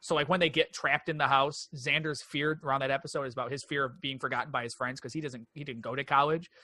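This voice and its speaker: A man co-hosting a movie podcast, retelling a TV episode in casual, animated chat. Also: medium pitch, fast, no echo. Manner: animated storytelling, acting out quoted lines. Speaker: podcast co-host.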